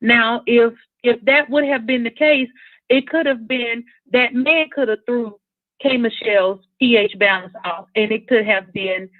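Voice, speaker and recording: A woman's voice: a little high, a little slow, no room sound. A woman calling into a live talk show, speaking her mind with some rambling restarts. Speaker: caller. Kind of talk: call-in show opinion. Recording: tinny phone line, dry.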